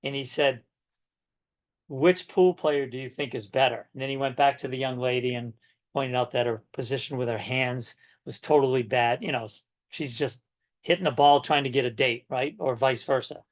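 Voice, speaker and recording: An older man in his sixties leads a coaching session for real estate agents, talking over a video call. His manner is folksy and emphatic, with a middle-pitched voice, and he keeps punching his points home with a quick "right?". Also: steady tone.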